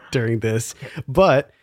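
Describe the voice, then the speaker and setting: A man's voice: mid-range voice, lively intonation, slow, no echo, studio quality. Exasperated man reviewing a film. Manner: critical, exasperated, rhetorical questions. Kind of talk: casual film review chat.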